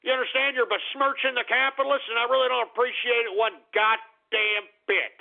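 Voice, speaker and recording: A high, gravelly male voice rants and swears as he hosts a call-in radio show. He sounds fed up with his callers. The sound is thin and tinny, like a phone line. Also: steady tone, brisk. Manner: profane, ranting, exasperated.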